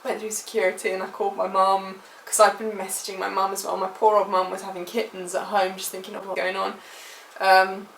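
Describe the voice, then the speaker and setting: A woman's voice: mid-range voice, level tone, quick pace, vocal fry, few pauses, a little hiss or hum. British woman vlogger, emotional rambling storytime, roomy and off-mic. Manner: emotional, rambling retelling with many fillers. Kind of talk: personal storytime vlog. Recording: echoey room, mic at a distance.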